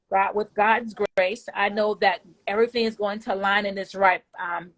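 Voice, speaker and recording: A woman's voice: mid-range voice, normal speed. A woman giving an emotional, effusive client testimonial, often repeating words when moved. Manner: effusive, animated, faith-filled.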